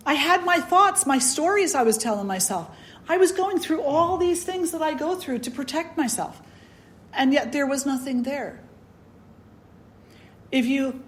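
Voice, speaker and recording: Woman spiritual teacher, conversational storyteller, animated and filler-heavy. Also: high-pitched, slight background noise. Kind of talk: storytelling talk.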